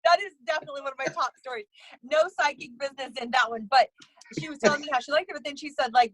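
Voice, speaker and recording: A woman's voice: on the high side, fast, fairly bright tone, no room sound, rough recording. A woman who works as a psychic medium and bridal tailor, telling stories casually in an interview, rambling with many restarts and acting out other people's lines.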